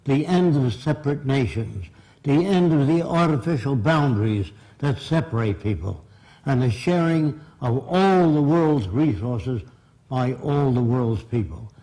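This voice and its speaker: A man's voice: mid-range voice, animated, a little slow, dark tone, low-quality recording. An older man from Brooklyn, giving a blunt, emphatic public lecture. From Brooklyn, New York.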